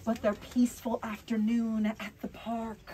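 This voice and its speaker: A woman, a picture-book author, reading aloud to children at a bookstore, playful and expressive and chatting with her audience. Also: on the high side, normal speed, very noisy. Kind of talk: animated read-aloud for kids.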